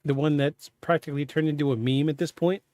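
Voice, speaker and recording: A man hosting a podcast, telling a personal story in a halting, candid, self-interrupting way. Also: fairly high pitch, steady tone, mellow, no room sound. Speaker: podcast host. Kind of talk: casual storytelling.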